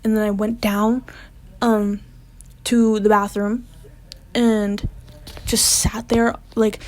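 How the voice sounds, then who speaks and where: A woman's voice: fairly high pitch, little pitch movement, unhurried. Chatty young woman telling a storytime. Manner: chatty, lots of "like" fillers, drops to whispers when reliving panic. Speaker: vlogger. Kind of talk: casual storytime.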